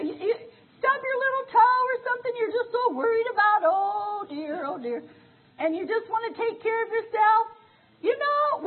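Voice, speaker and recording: An older woman preaches with fervent, tearful emotion, her voice very high and often crying out. The recording is thin and tinny, as if heard over a phone line. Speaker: minister. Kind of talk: sermon.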